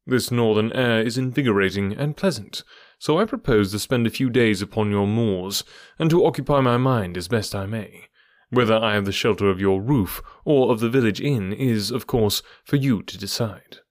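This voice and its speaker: A shrewd, cool detective from a storybook reading, played by a man. He speaks in a bland, smooth, measured way, and the voice is dry and close, with no room sound. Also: fairly low pitch, dry recording, lightly acted. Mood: blandly probing. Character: cool, shrewd male detective, middle-aged.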